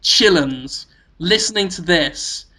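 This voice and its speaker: This podcast co-host speaks in a high, bright, forceful voice, taking his time and staying expressive. He tells silly, playful stories in casual chat, giggling and laughing a lot.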